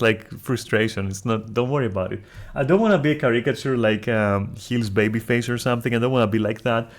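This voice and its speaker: Profane, exasperated male streamer ranting. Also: mid-range voice. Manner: loud, profane, exasperated ranting that drops into quieter, apologetic talk. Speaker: streamer reviewing a series. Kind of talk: casual ranting review.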